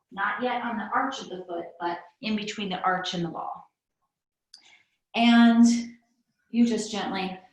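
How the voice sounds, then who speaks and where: A woman with young kids teaching a pilates class. She gives calm counted breathing cues and adds chatty asides. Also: medium pitch. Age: adult with young kids. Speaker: pilates instructor. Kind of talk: guided fitness class instruction. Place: fitness studio. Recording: echoey room.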